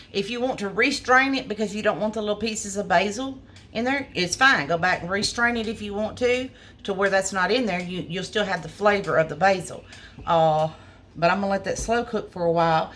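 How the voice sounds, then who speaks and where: A woman's voice: mid-range voice, a bit bright, a little hiss or hum. A woman, chatting casually to viewers as she cooks in a restaurant kitchen, filmed on a phone camera. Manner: homey, chatty, addresses viewers as y'all. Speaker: small restaurant cook. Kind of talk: casual cooking video.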